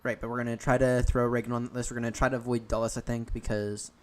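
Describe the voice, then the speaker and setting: A man's voice: medium pitch, flat delivery, fast. A young American man chatting casually while streaming a flight simulator, rambling and often correcting himself. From United States. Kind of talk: casual live-stream chat.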